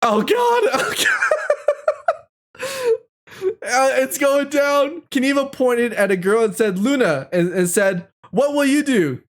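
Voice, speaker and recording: Young woman w/ a high bouncy voice, reads slow, giggles and shrieks reacting to an ai story. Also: animated. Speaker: streamer. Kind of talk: reading an AI story aloud with reactions.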